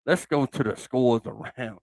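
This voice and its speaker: A man's voice: mid-range voice, measured pace, gravelly, a little mellow, dry recording. Casual, dry-sounding male podcast host. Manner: loose and conversational, thinking aloud with frequent fillers. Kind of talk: casual solo sports commentary.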